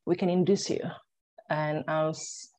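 A young woman, her voice a little low and her pace a little slow, shares her own story as a guest in an interview conversation. She energetically acts out her words and other people's as quotes, speaking loosely with plenty of "like" and "you know" fillers.

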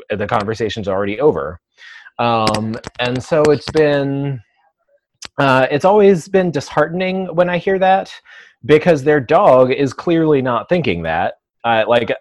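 Measured, pausing man on a dry mic. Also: medium pitch, expressive, no echo. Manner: thoughtful, measured, many "um" and "uh" pauses. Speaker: dog trainer, interview guest. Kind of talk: conversational interview.

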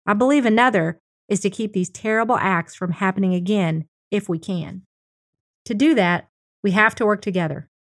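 A woman hosting a podcast, reading a scripted introduction in a measured, earnest way. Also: mid-range voice, no echo, clean studio sound. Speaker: podcast host.

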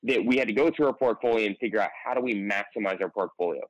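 A man's voice: fairly low pitch, quick pace, dry recording, dull audio. A man who invests in real estate, giving confident, chatty advice in an interview with many fillers. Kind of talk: podcast interview answer.

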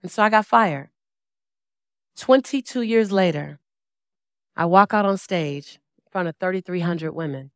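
A woman's voice: fairly low pitch, unhurried, pauses often, clear, resonant tone, no echo, studio quality. A woman in her forties giving a motivational speech on stage, telling her story dramatically, acting out quoted dialogue and repeating key phrases for emphasis. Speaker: motivational speaker. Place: stage before a live audience.

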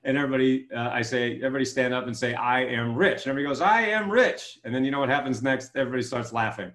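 A man's voice: flat delivery, rapid-fire, a bit bright, echoey room. A man as an interview guest, telling stories with enthusiasm and acting out quoted lines. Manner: enthusiastic, acts out quotes with rising pitch. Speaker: guest author and keynote speaker. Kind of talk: animated storytelling interview.

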